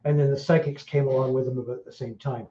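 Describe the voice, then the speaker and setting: This middle-aged podcast host from Wales talks fast, his mid-range voice warm and steady in tone. His casual chat is crude, blunt, and rambling, full of fillers, and the sound is roomy, dull, and lo-fi.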